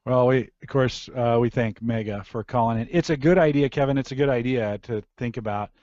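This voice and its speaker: A man's voice: mid-range voice, fairly quick, darkish tone, no room sound. Male podcast host, chatty and casual; dry, slightly muffled audio. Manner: chatty, self-correcting. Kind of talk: casual tech podcast chat.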